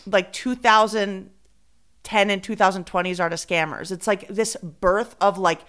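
A woman's voice: medium pitch, steady tone, unhurried, a bit bright. Rambling chatty woman podcast host. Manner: rambling, drops in Spanish fillers. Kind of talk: casual chat.

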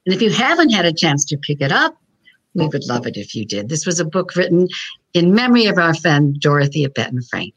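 A woman co-host chatting warmly and thanking supporters. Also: deep voice, sing-song, brisk, slightly rough, no echo, highs cut off. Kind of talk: casual chat.

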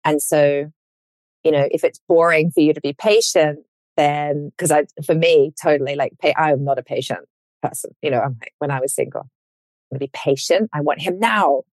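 A woman's voice: low-pitched, a little fast, no echo. A woman who works as a coach and author, giving encouraging, reflective advice in a casual podcast conversation. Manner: encouraging, reflective, animated in bursts.

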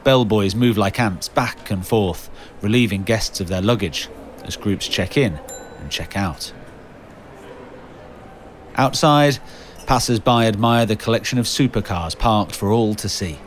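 Low-voiced man narrating a podcast. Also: slight background noise. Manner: measured, scene-setting delivery. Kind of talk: scripted narration.

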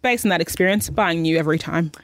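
A young woman co-hosting a radio show, telling a story in a lively, animated way in casual chat. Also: lowish voice, quick pace, no echo. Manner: animated storyteller, acts out quoted voices. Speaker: radio co-host. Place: radio studio.

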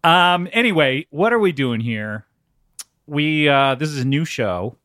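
Animated, laughing comedy podcast host. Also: male voice, fairly high pitch, unhurried, no room sound, clean studio sound. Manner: laughs often, animated jokey delivery. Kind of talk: comedic casual chat.

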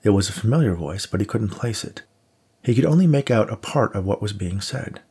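Low, gravelly-voiced male audiobook narrator. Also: animated, brisk, dark tone.

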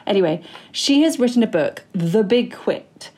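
A woman's voice: mid-range voice, animated, normal speed, mellow. Woman in her 40s co-hosting a podcast, self-deprecating, lots of fillers. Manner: chatty, self-mocking, rambling with fillers. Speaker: podcast co-host. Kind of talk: casual chat.

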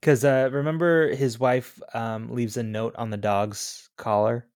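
A man chats about a film with his co-host, loose and jokey, leaning on fillers as he goes. His voice is mid-pitched and sounds close and dry. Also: steady tone, a little slow, a little mellow, dry recording. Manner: chatty, jokey, hedging with fillers. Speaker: podcast co-host. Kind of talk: casual movie discussion.

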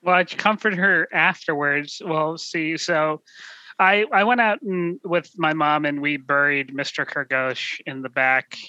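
A young man in a casual chat, defensively telling his own side with many halting "you know"s. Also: on the high side, bright, forceful tone, no room sound, highs cut off.

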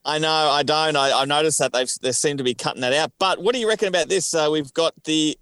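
A man's voice: on the high side, fast talker, a bit bright, clean tone, dry recording. Male co-host, older of the pair, easygoing rambling chat, dry mic. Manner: rambling, hedging with lots of "you know". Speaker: podcast co-host. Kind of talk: casual chat.

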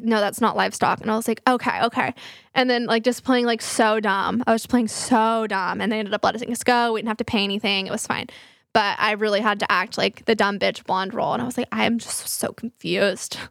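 A young adult woman co-hosting a casual chat, telling a story quickly with lots of filler words, laughs and swearing. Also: fairly high pitch, fairly even intonation, gravelly, a bit bright, no room sound, studio quality. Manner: fast, filler-heavy, laughing, profane storyteller. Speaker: podcast co-host.

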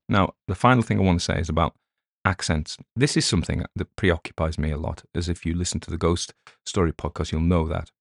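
A man's voice: low voice, gravelly, no room sound, studio quality. An Englishman hosting a podcast, chatting casually in a rambling way, with many restarts and asides. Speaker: podcast host. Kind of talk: casual spoken afterword.

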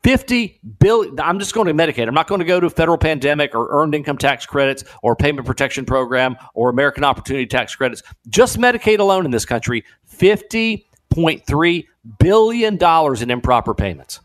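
A man guest-hosting a talk radio show, talking in an animated, incredulous way with laughing asides. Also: a little high, brisk, hardly any pauses. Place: radio studio.

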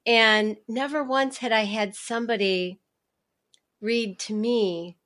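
A woman's voice: on the high side, steady tone, slow, fairly bright tone. A woman hosting an interview podcast, speaking in an effusive, admiring way. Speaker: podcast host. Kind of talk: interview chat.

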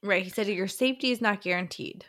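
A woman co-hosting a podcast, adding quick wry remarks in a casual book-club chat. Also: medium pitch, fairly bright tone. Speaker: podcast co-host.

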